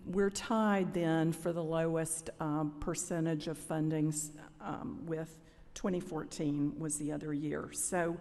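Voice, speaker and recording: A middle-aged woman testifies before a legislative committee in a measured, polite way, pausing often on "um." Her voice sits fairly low and mellow, with little rise and fall. The hearing room adds a long reverb tail. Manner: measured, polite, with frequent "um" pauses. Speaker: cancer network representative testifying to lawmakers. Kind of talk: formal budget testimony.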